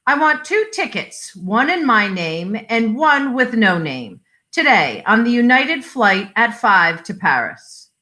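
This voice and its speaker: A woman's voice: fairly high pitch, big pitch swings, slow, sharp tone, full character voice. A woman reading the part of an impulsive middle-aged husband who speaks in short, insistent phrases.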